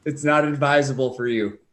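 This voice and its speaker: A man co-hosting a podcast in casual chat, excitable and teasing, with a fair bit of swearing. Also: medium pitch. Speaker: podcast co-host.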